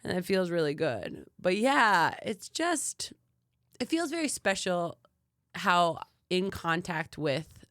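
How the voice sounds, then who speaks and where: Woman podcast co-host, casual chat, lowish voice, dry close mic, animated storytelling. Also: slow, dry recording. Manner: animated storytelling, many fillers, acts out quotes.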